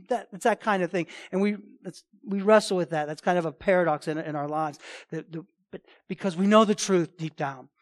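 A man preaching a sermon, emphatic and repetitive, often restarting his phrases. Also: high voice. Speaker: pastor.

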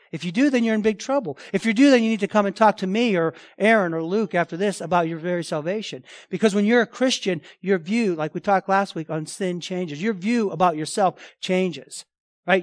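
A man preaching a sermon as pastor, emphatic, often asking the congregation questions and swinging between loud declarations and hushed lines. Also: high-pitched, no room sound, studio quality.

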